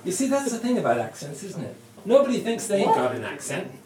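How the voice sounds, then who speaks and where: Rambling Cornish storyteller, echoey room. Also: male voice, high voice, wildly swooping pitch, quick pace, crowd noise. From Cornwall. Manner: rambling, chuckling anecdote teller. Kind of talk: storytelling in group chat.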